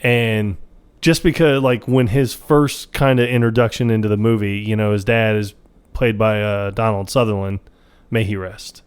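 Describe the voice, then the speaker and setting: A man's voice: on the low side, fairly even intonation, moderate pace, smooth. A man co-hosting a podcast, chatting casually and retelling scenes in a rambling way with lots of fillers. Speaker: podcast co-host. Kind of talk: casual chat.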